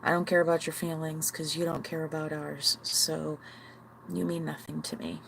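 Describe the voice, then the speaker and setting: A woman's voice: deep voice, normal speed, creaky, a little hiss or hum, poor audio. A woman hosting a livestream, venting bluntly and with profanity to her viewers, with sighs and short laughs. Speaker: livestream host.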